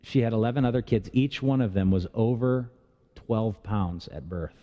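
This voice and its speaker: A man's voice: on the low side, moderate pace, warm tone, dull audio. A man preaching a sermon as pastor, talking in a conversational way with rhetorical questions and touches of humor. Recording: long reverb of a large hall.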